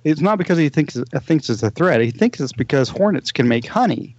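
A man's voice: on the high side, a little fast, dull audio. Rambling man retelling a TV plot. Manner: rambling, animated storytelling with restarts. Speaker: podcast co-host. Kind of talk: casual chat, recommending a TV show.

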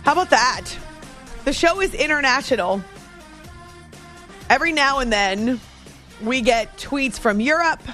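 A woman from New Hampshire hosts a sports radio show with casual late-night chat, laughing often and reading listener messages aloud. Her high voice is bright, expressive and forceful, unhurried with long pauses. It's captured on a dry studio mic, with faint music behind.

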